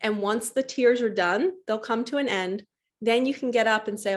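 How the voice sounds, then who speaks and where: A woman, the host and a grief coach, reads from her own book and then talks softly and warmly to listeners, a little emotional. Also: medium pitch, moderate pace. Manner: soft, gentle and encouraging, calls listeners lovies.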